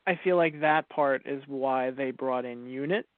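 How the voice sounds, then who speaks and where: A man's voice: medium pitch, a little slow, dry recording. A man co-hosting a casual review podcast, sarcastic and swearing, acting out lines of dialogue. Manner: sarcastic, swears, acts out quotes. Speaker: podcast co-host. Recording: tinny phone-like audio.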